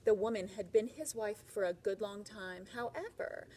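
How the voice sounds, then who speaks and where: A woman reading a picture book aloud to children, expressive, with chatty asides. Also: medium pitch, moderate pace, slight background noise.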